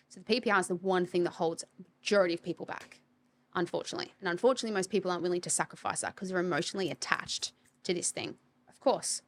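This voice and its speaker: A woman's voice: fairly low pitch, a bit bright, slight background noise. A woman, a property coach, talking bluntly and with energy in a podcast interview, swearing casually. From Australia.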